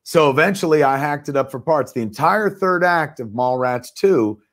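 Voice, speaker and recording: Middle-aged man, animated storyteller on a video call, salty and quick with impressions. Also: fairly high pitch. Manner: animated storyteller, swears freely, acts out quotes. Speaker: guest filmmaker. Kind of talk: livestream anecdote telling.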